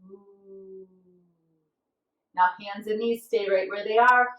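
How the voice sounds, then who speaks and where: A woman leading a children's yoga class, giving gentle, encouraging instructions and now and then making playful animal noises. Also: mid-range voice, fairly even intonation, moderate pace, reverberant, recorded from a distance, poor audio. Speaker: kids' yoga teacher.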